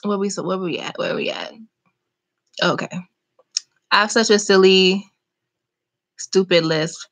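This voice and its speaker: A young woman chatting casually on a live stream, reading and answering viewer comments in an animated, talkative way. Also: mid-range voice, unhurried, pauses often. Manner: chatty, animated, talks back to chat comments. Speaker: vlogger hosting a live chat.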